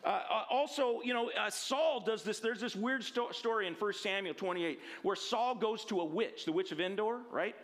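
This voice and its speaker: A man giving a casual, animated Bible lesson, often checking in with tag questions and restarting his sentences. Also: high-pitched, moderate pace, few pauses. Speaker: Bible teacher. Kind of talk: conversational Bible teaching.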